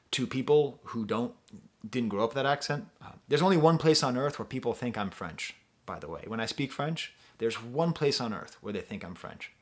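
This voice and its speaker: A man's voice: mid-range voice, a bit bright. An American man talking casually as an album reviewer, enthusiastic and full of asides as he explains lyrics. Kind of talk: casual music review talk.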